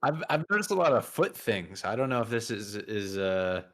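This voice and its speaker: A man's voice: on the low side, very animated, normal speed, a bit bright. Wry male co-host. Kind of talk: casual comedic chat.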